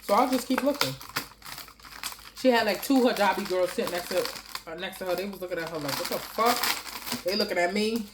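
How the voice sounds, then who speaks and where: A woman vlogger telling a story to camera in a blunt, profane, animated way, chewing and laughing between lines. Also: medium pitch, fast talker, background noise. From New York City.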